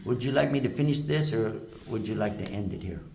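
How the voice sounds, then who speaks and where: A man's voice: on the low side, brisk, vocal fry, darkish tone. A man giving a religious lecture to a live audience, emphatic and full of rhetorical questions. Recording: echoey lecture hall.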